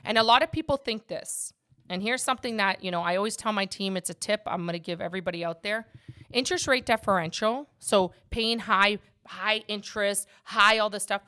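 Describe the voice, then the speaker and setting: A woman's voice: mid-range voice, brisk, pushed and bright. A woman hosting a casual podcast as a mortgage agent, talking with emphatic passion and speaking straight to her listeners.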